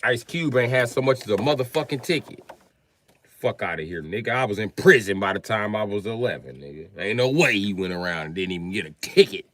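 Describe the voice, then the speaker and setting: A man's voice: on the low side, lively intonation, brisk, a bit bright. A man ranting on a livestream to his viewers, confrontational and swearing heavily. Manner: profane, confrontational, heavy swearing.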